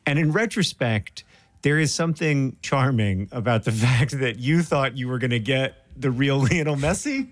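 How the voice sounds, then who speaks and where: Male podcast co-host, wry and lively intonation, casual. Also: mid-range voice, normal speed.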